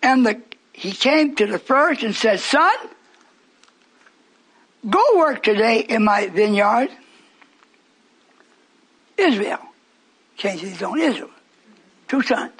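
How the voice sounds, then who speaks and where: A man's voice: sits high, animated, slow pace, long pauses, a bit bright, slightly rough. A man preaching a sermon with fervor, retelling scripture and repeating phrases for emphasis. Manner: fervent, repetitive, quoting scripture.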